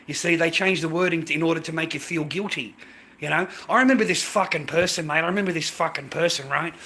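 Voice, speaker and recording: A man's voice: fairly high pitch, fast talker, bright, forceful tone. An Australian man ranting crudely to his livestream chat, peppering his talk with mate and swearing.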